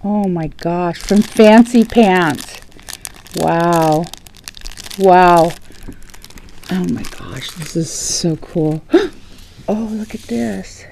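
A woman's voice: fairly low pitch, extremely slow, gravelly, long pauses, a little hiss or hum, rough recording. A woman opening craft gift packages on camera in a casual vlog, gasping and gushing, sometimes dropping to a whisper. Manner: gushing, gasping, often drops to a hushed whisper. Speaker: crafting vlogger. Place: home, at a dining table.

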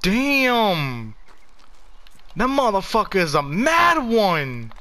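Male gamer, casual commentary, swearing, lively swooping voice, unhurried. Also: high-pitched, slight background noise. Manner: excitable, swears a lot, shouts in amazement.

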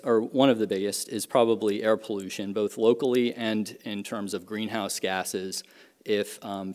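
A middle-aged male professor delivers an academic lecture in a fairly low voice, measured and careful, pausing with fillers and restarting phrases. The sound carries a long reverb from the lecture hall. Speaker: economics professor.

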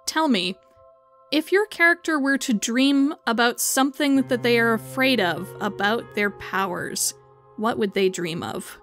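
A woman narrating as game master of a tabletop game, calmly prompting her players. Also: fairly high pitch, a little slow, faint music behind.

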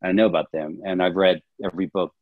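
A man's voice: low voice, fairly even intonation, quick pace, dry recording, phone-quality sound. A man, a film director and historian, answering interview questions in an earnest, explanatory way.

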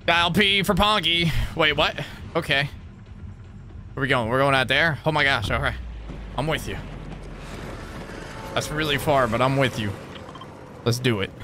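A man's voice: mid-range voice, measured pace, pauses often, sharp tone, a little hiss or hum. A man from New Jersey chatting playfully while streaming a video game. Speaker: gaming streamer. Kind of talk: casual live-stream commentary.

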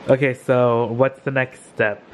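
A man's voice: medium pitch, flat delivery, a little slow. A man vlogging at home, teasing his family with a playful, laughing manner. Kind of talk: casual family chat. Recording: noisy home recording.

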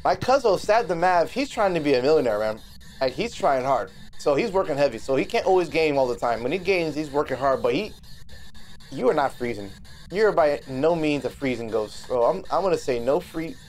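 Male game streamer, loose and excitable, rambles and curses his way through live commentary. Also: fairly high pitch, fairly quick, slight background noise. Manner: excitable, swearing, rambling with restarts.

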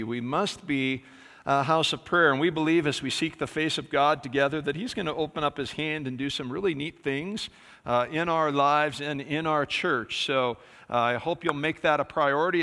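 A man delivers a sermon with a bright, forceful tone and a voice sitting a little high for a man. He talks in a conversational way, full of small fillers. A long reverb trails each phrase through the church hall. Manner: conversational preaching with many fillers. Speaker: pastor. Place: church sanctuary.

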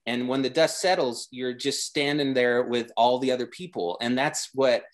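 A man's voice: mid-range voice, steady tone, moderate pace. A man talking as a guest designer in a casual interview, rambling with many restarts and growing enthusiastic.

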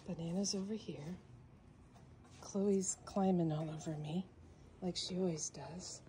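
A woman vlogging from a room at home full of kittens, her voice warm and soft-edged. She talks unhurriedly, mostly to the cats themselves, in a fond, coaxing tone that sometimes sinks to a whisper. A faint hiss of noise sits under the recording. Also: lowish voice, steady tone, a little slow, pauses often. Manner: coaxing, doting baby-talk to the cats, at times hushed to a whisper. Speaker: cat rescuer filming her foster cats. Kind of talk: casual vlog narration, talking to her cats.

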